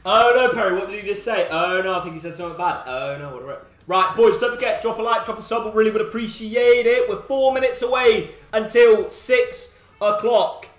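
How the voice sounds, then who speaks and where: High-voiced streamer in an echoey room. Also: male voice, brisk. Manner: banter with chat, teasing viewers, sudden shouts. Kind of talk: live-stream gaming chat.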